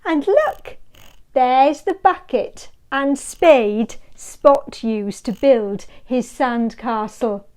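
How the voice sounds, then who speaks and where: A woman's voice: high voice, a little mellow. A woman reading a children's picture book aloud in a sing-song way, asking her young listeners questions as she goes. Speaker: storyteller.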